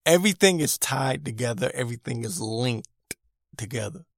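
A man in the middle of an irritated rant on his own podcast, hammering his points home and saying them again and again. His voice sits at an ordinary middle pitch. The sound is close and dry, with no room echo. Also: expressive, normal speed, gravelly. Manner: irritated, emphatic, repeats himself. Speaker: podcast host. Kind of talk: opinion rant monologue.

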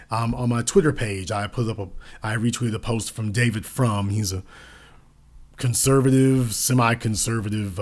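A man giving a political commentary monologue, emphatic and repetitive, slowing down to stress key words. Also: on the low side.

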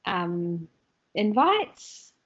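A woman's voice: on the low side, big pitch swings, very slow, fairly bright tone, highs cut off. An Australian woman chatting as a guest in a casual online interview, laughing often as she talks.

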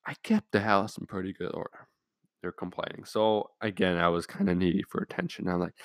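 A man's voice: deep voice, animated, fairly quick, no echo, studio quality. A young man vlogger telling a story in a rambling, profane, offhand way. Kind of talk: casual storytelling.

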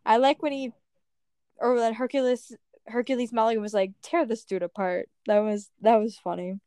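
A woman's voice: a little high, fairly even intonation, moderate pace, dark tone, clear, resonant tone, no echo, clean studio sound. A young woman co-hosting a casual podcast, chatting about songs with lots of "like" fillers. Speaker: podcast co-host. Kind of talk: casual chat reviewing songs.

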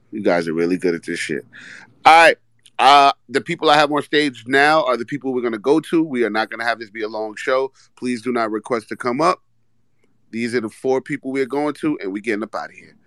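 A man's voice: medium pitch, brisk, fairly bright tone, no room sound. Man hosting a loose, dry-sounding show. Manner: loose, profane, upbeat banter. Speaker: host. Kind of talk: casual live audio show hosting.

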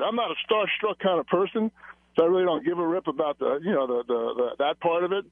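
A man's voice: high-pitched, fast talker, no room sound. A man with a New York accent calling a radio show by phone, telling a rambling, laid-back story. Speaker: caller. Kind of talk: phone-in anecdote. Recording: dry narrow phone line.

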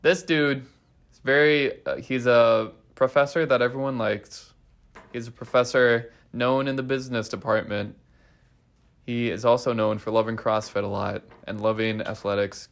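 A young man chats loosely on a college podcast, his voice carrying a gravelly rasp. He is playful, animated and thinks out loud as he talks. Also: mid-range voice. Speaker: podcast co-host, resident assistant. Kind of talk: casual chat.

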